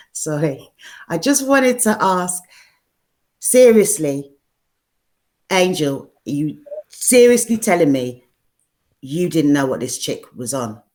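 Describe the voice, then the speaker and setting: A woman's voice: low voice, very animated, takes it slowly, long pauses, a little mellow. A woman with a London accent calling into a livestream, teasing and pressing the host with pointed questions. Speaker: caller. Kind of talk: casual livestream chat.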